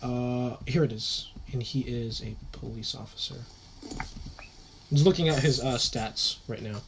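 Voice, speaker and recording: A man's voice: mid-range voice, a little slow, a little hiss or hum. A man running a tabletop game as game master, talking hesitantly with lots of fillers and laughs. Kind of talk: narrating a tabletop game, casual.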